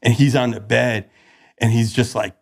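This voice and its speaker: A young man chats casually on a podcast, mid-pitched and relaxed. He tells his story in loose slang and jumps into other people's lines as he quotes them. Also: normal speed, creaky. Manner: animated, slangy, acts out quoted dialogue. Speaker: podcast guest telling his recovery story.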